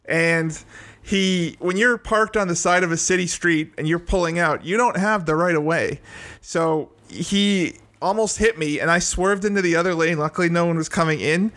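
Bright-voiced man ranting casually. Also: sits high, moderate pace. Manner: ranting, swears freely. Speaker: podcast co-host. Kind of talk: casual chat.

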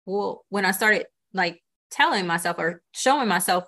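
A woman's voice: medium pitch, lively intonation, moderate pace, bright, forceful tone. A woman guest on a podcast, speaking earnestly and reflectively in candid conversation, often checking in with "you know" and "right?".

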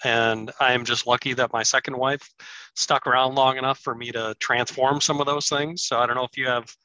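A middle-aged man hosting a podcast interview, chatty and affirming, quick to chime in with his own experiences. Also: mid-range voice, little pitch movement, bright, forceful tone, no room sound, lo-fi sound. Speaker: podcast host. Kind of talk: casual interview chat.

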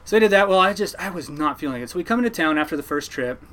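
A man's voice: fairly high pitch, animated, very fast, fairly bright tone. A man, a fisherman, telling a rambling story in a casual interview, with frequent restarts and fillers.

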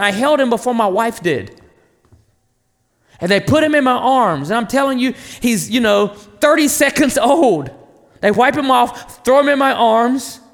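High-pitched, animated preacher. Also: male voice, in a large hall. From North Carolina, USA. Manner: passionate, animated preaching with rhetorical questions to the crowd. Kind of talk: sermon.

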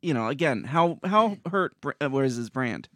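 A man's voice: mid-range voice, animated, normal speed, dry recording. A man co-hosting a casual talk show, mostly giving short agreeing replies and now and then a blunt, sweary opinion. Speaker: co-host. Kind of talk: casual chat.

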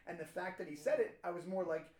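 A man co-hosting a podcast, telling a story in casual chat, animated and swearing as he acts out what people said. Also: sits high, fast, roomy sound, crowd noise. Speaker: podcast co-host, comedian.

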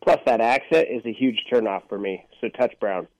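A man's voice: mid-range voice, normal speed, a little mellow, no room sound, rough recording. A man co-hosting a casual movie review panel, reading plot summaries aloud and joking with the others. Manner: reads synopses aloud, joking.

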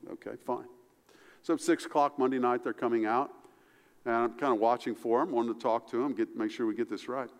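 A man preaching a sermon as pastor, animated, his voice climbing high for emphasis and falling low and soft. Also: fairly quick, big-room sound.

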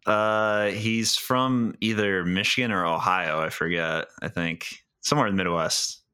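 A man's voice: deep voice, measured pace, sharp tone, smooth. A man co-hosting a casual sports podcast, easygoing with dry humor, reading out the standings. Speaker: podcast co-host tracking standings.

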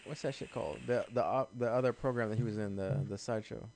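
A man's voice: fairly low pitch, steady tone, quick pace, a little mellow, a little hiss or hum. A man co-hosting a casual podcast chat, loose and profane, laughing often as he talks. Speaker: podcast co-host.

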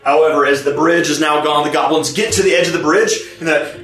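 Male game master, somewhat high voice, laid-back narration, echoey room with clear music bed. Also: fast. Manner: relaxed storyteller, many fillers and restarts.

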